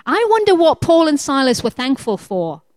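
A woman preaching a sermon, lively and conversational, who acts out the prayers of the people she talks about. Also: high-pitched, normal speed, no echo. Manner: lively, acts out quoted prayers in changing voices.

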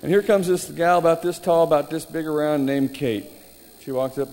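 A male preacher telling stories in a sermon, animated, with halting restarts. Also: on the high side. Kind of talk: sermon storytelling. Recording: reverberant hall, faint noise.

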